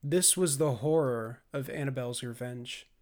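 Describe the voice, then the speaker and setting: A man reading scripted audiobook narration in a measured, grave manner. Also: mid-range voice, darkish tone.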